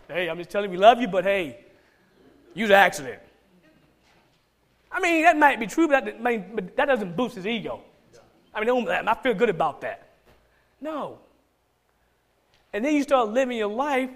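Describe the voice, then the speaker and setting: A man's voice: sits high, expressive, moderate pace, pauses often. A man with a Georgia Southern accent preaching a sermon as pastor, emphatic and repeating key phrases for stress.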